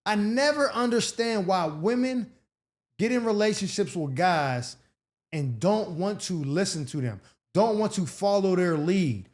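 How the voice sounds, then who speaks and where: A man with a voice high for a man hosts an advice show, answering listener letters in a blunt, sarcastic rant. He's animated but a little slow, talking casually with lots of slang and profanity.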